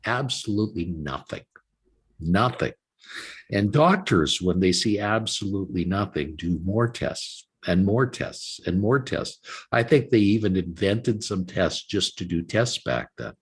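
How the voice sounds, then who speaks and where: A man's voice: on the low side, unhurried, breathy edge. A man in his sixties, a guest author from Canada, telling his story in an interview and acting out the voices of others as he goes. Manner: animated storyteller acting out quoted dialogue.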